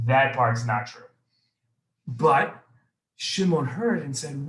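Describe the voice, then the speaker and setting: A man telling a story to children, lively and expressive, speaking directly to his young listeners. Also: medium pitch, takes it slowly, long pauses, slight background noise, rough recording. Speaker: rabbi storyteller.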